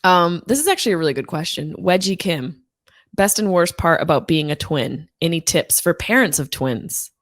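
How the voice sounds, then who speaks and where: A woman hosting a podcast, reading listener questions aloud between quick interjections. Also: on the low side, lively intonation. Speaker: podcast host.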